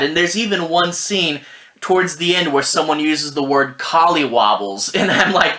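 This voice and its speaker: Bright-voiced man reviewing a show. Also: fairly high pitch, moderate pace. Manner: rambling, conversational, heavy on "you know" and "like". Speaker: TV and film reviewer. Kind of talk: casual solo review talk.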